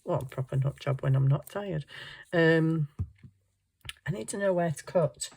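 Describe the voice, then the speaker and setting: A woman's voice: low-pitched, unhurried, vocal fry, darkish tone, slightly rough. A woman chatting casually while crafting at home, tired, ditzy and giggly, muttering to herself as she hunts round her desk. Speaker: craft vlogger.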